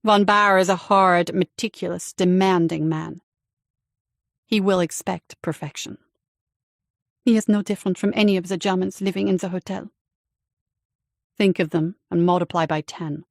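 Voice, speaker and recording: A cool, guarded woman of wartime Paris speaks in a measured, commanding way, as a woman narrator puts her on. Her voice has a gravelly grain and a dry, close sound. This is an audiobook read. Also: fairly low pitch, fairly even intonation, no room sound. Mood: stern.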